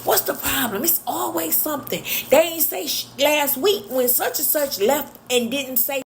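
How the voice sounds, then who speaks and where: A man's voice: very high voice, normal speed, gravelly, a little hiss or hum, voice pushed up. A woman voicing a hot-tempered male union steward who rants angrily and swears. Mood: heated. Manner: angry, profane ranting.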